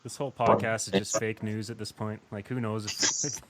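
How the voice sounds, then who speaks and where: A man's voice: fairly low pitch, level tone, normal speed, a crowd in the background. A man hosting a casual podcast chat who laughs often and swears casually. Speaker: podcast host.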